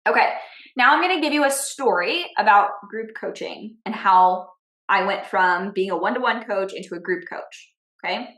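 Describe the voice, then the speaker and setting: A woman business coach and podcast host, teaching through personal stories in an energetic way and often checking in with "okay?" and "right?". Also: mid-range voice, moderate pace. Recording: roomy echo.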